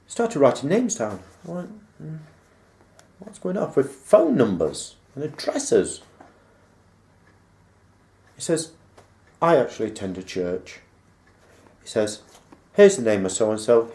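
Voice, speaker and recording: A vlogger with a mid-range, slightly mellow voice casually recalls something from school, rambling as he acts out what was said. The recording has a roomy echo.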